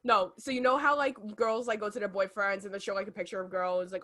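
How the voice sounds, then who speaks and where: A woman's voice: medium pitch, steady tone, quick pace, fairly bright tone. A woman in her twenties co-hosting a podcast, telling stories bluntly in casual chat, swearing freely. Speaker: podcast co-host.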